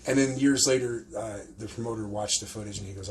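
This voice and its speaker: A man hosting a podcast, swapping wrestling stories in a casual, profane, animated way and acting out what people said. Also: fairly low pitch, moderate pace, background noise. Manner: profane, animated storyteller who acts out quotes. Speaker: podcast host and pro wrestler. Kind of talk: casual storytelling chat.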